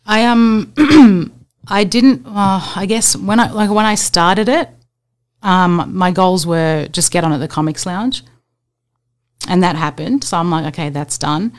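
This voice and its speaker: An Australian woman, a stand-up comedian, talking casually on a podcast, full of fillers and quick laughs. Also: medium pitch.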